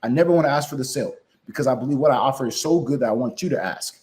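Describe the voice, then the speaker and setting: A man's voice: medium pitch, very fast, a little mellow. A man giving motivational sales advice as a guest, emphatic, often checking in with "right?" and acting out phone calls.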